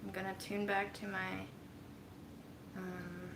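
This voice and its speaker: A woman's voice: medium pitch, monotone, slow, vocal fry, noisy background. Chatty woman in an echoey kitchen. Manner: chatty, rambling, self-mocking. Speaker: vlogger. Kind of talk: casual chat to a livestream audience.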